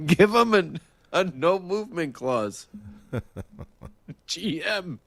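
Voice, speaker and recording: A man's voice: high voice, animated, extremely slow, vocal fry, a bit bright, no room sound. Laid-back joking man on a sports podcast. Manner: laid-back, joking, greets chat viewers by name. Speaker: podcast co-host. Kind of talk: late-night live sports podcast chat.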